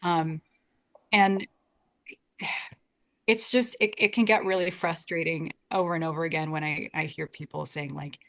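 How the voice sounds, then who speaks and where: A woman's voice: low voice, fairly even intonation, moderate pace, creaky, pauses often, fairly bright tone. A young American woman, a guest talking earnestly about Shakespeare in a casual interview, often restarting her words. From United States. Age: young adult.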